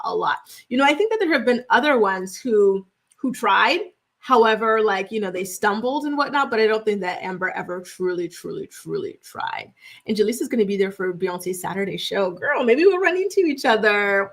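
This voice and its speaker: A woman's voice: mid-range voice, fairly bright tone. A woman hosting a gossip livestream, reading viewer comments in a chatty, rambling way full of fillers. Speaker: host.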